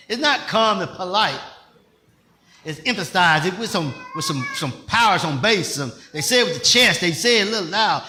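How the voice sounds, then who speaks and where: An older man, a pastor, preaching in a conversational style with call-and-response questions, rising at times to shouts. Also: high voice, lively intonation, moderate pace, roomy sound. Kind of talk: sermon.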